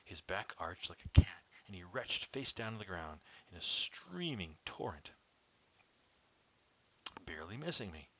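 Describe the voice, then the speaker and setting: Brief: man, low voice, measured first-person storytelling, slips into hushed whispers, faint hiss. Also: big pitch swings, rough recording. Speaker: storyteller reading his own story.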